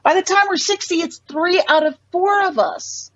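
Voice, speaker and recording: A middle-aged woman, a doctor guest on a podcast, telling stories in a passionate, animated way. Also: very high voice, normal speed, no echo, dull audio. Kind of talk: casual interview talk.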